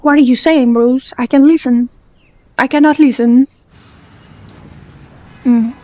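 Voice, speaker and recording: A young woman hosting a reaction video, talking back at the screen, excitable and swearing freely. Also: high-pitched, slow pace, no room sound, lo-fi sound. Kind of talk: casual reaction commentary.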